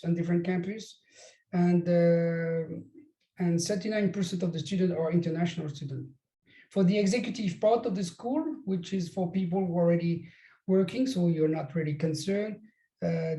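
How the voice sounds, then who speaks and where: A man with a strong French accent presenting a business school at an information session, speaking haltingly with frequent pauses and restarts. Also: high voice, mellow, echoey room, low-quality recording. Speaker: business school recruitment director. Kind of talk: presenting an online info session.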